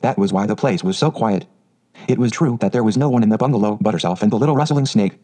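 A man narrating a storybook in a steady, even reading. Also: lowish voice, fast, low-quality recording. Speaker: audiobook narrator.

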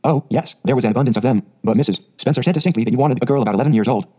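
A man's voice: medium pitch, very fast, mellow, slightly rough, natural voice. A man voicing an eager, talkative orphan girl of eleven who speaks in dreamy, dramatic phrases.

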